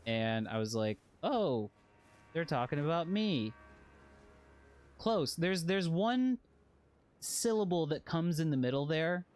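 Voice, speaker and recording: A man's voice: a little high, expressive, slow, pauses often, darkish tone. Rambling, chuckling male game streamer. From Western. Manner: rambling, self-interrupting, chuckling asides. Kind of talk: casual gameplay commentary with anecdotes.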